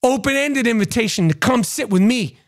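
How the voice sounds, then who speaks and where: A man's voice: very high-pitched, lively intonation, normal speed. A man and podcast host ranting to camera, crude and mocking, often repeating himself. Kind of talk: profane ranting monologue to camera.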